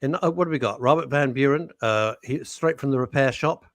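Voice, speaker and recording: A man's voice: medium pitch, brisk, no echo. A man co-hosting a radio show, sardonic and grumbling as he reads out listener messages. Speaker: radio co-host. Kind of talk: casual radio banter. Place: radio studio.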